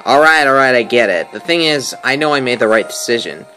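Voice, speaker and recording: A man's voice: medium pitch, expressive, a little fast, sharp tone, soft background music, rough recording. A man voicing a young prince who is sincere and conflicted, reading game dialogue in his own voice. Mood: troubled. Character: young prince wracked by guilt, earnest.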